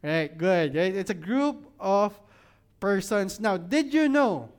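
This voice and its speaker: A man's voice: high voice, lively intonation, slow pace, clear, resonant tone. A man, serving as senior pastor, reads scripture, prays and preaches to his congregation. He asks the room question after question and repeats his key lines for emphasis. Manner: engages the audience with repeated questions; fervent prayer, often repeats "Lord God". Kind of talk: sermon with scripture reading and prayer. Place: church service room with an audience.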